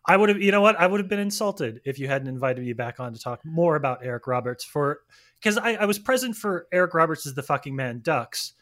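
A man's voice: a little high, expressive, a little fast, a bit bright. Dry-humored man as podcast guest. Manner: dry, self-deprecating humor. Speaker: podcast guest, film critic. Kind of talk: casual podcast chat.

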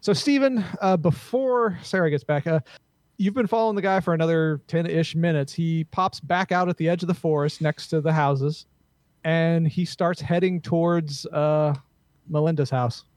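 A man narrating as game master of a tabletop role-play game in a quick, offhand way. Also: a little high, a little mellow, no room sound.

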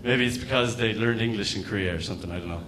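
Profane Irish stand-up comedian. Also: male voice, lowish voice, racing, noisy background. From Ireland. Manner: profane, animated storytelling with loud acted-out outbursts.

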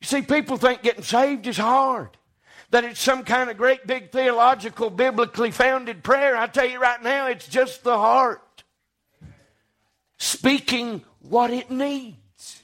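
A male preacher with a very high-pitched voice. He preaches with fervour, swinging between hushed passages and loud, shouting bursts. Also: slow, long pauses. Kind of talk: sermon.

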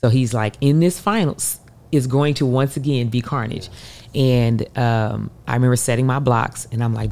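Woman in her 30s, gravelly fry in the voice, tells her story all animated, jumps high when quoting herself. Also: moderate pace. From United States. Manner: animated, acts out her own voice and others in quotes. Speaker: guest, Olympic hurdler. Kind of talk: emotional storytelling.

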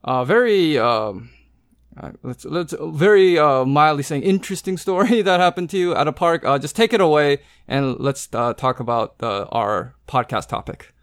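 A man's voice: a little high, lively intonation, moderate pace, clear, resonant tone, dry recording, studio quality. A man hosting a podcast, introducing a guest with many fillers and restarts. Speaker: podcast host.

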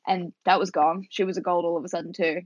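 A woman co-hosting a podcast in casual book chat, talking fast and animated, with lots of fillers and some swearing. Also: lowish voice, slightly rough, muffled recording. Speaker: podcast co-host.

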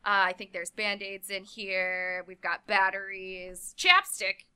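Woman player, giggly, scattered, bright, smooth voice. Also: mid-range voice, takes it slowly. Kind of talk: casual tabletop play. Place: home, recorded remotely.

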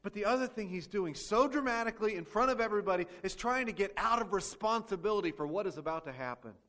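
A man's voice: sits high, expressive, fast talker, fairly bright tone. A man preaching a sermon as pastor, asking the congregation rhetorical questions and acting out quoted speech.

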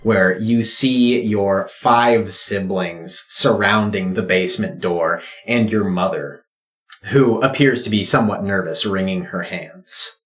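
A man narrates a tabletop game as its game master, slow and dramatic, with a low voice. The room around him is echoey. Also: a bit bright. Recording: roomy echo.

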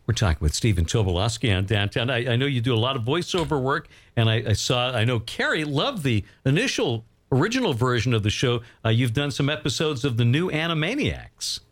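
Male host, animated pitch, conversational interview questions. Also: brisk, hardly any pauses. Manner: conversational, laughs along with the guest. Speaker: podcast host.

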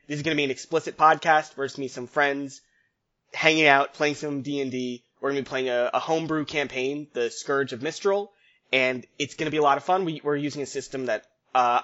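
A man hosting a tabletop game podcast as game master, talking in a relaxed, rambling way and laughing often. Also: mid-range voice, fairly quick. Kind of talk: casual podcast chat. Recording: dull lo-fi audio.

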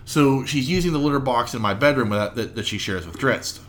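A man's voice: medium pitch, animated, a little fast, fairly bright tone. A man co-hosting a podcast, telling a rambling household anecdote in casual chat. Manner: rambling anecdotes, acts out others' lines. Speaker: podcast co-host.

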